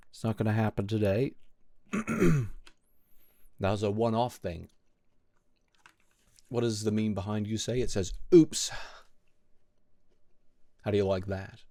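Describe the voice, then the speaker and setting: A man with a British accent chatting casually with his live-stream viewers, wry and teasing, with frequent throat-clearing. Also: fairly low pitch, warm tone, no room sound, clean studio sound. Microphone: close desk mic.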